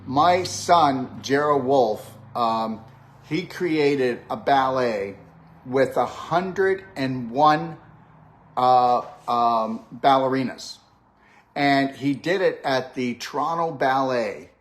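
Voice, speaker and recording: A man's voice: mid-range voice, takes it slowly. An older man hosting a live-stream chat with a guest, talking in an upbeat, coaching way and often checking in with "okay? all right?". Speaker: host and health practitioner.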